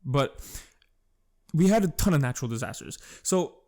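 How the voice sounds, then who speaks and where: A man's voice: fairly high pitch, expressive, moderate pace, darkish tone. A young man hosting a podcast alone, telling crude stories in a rambling way, full of fillers and self-corrections. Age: young adult. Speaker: podcast host. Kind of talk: casual solo storytelling.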